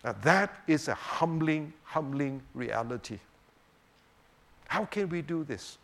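A man teaching a sermon on the Psalms, swinging between emphatic rhetorical questions and hushed, quiet moments. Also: on the high side, animated, slow. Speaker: preacher.

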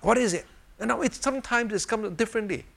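An older man giving an informal sermon, animated and full of rhetorical questions, chuckling as he demonstrates a fidget toy. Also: high-pitched, fast, gravelly. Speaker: preacher.

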